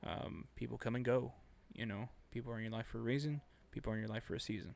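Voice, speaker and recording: A man co-hosting a casual chat show, telling a work story in an animated, profane way. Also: mid-range voice, quick pace, creaky. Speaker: podcast co-host.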